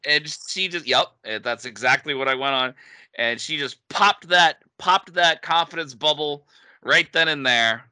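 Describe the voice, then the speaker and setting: Guy from new england telling a funny story, bright voice, dry close mic. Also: on the high side, unhurried, no echo. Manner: animated storyteller, laughs often. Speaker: podcast co-host. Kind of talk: casual chat, storytelling.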